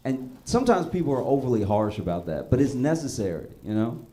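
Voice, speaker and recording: A male stand-up comedian telling stories in a conversational way, breaking into animated, high-pitched rants. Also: fairly quick. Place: comedy stage.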